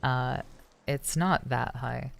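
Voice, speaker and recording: A young adult streamer practicing a feminized voice after male puberty, chatting casually with many hesitant restarts and throat clearings. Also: medium pitch, slow, soft background music. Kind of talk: casual livestream chat.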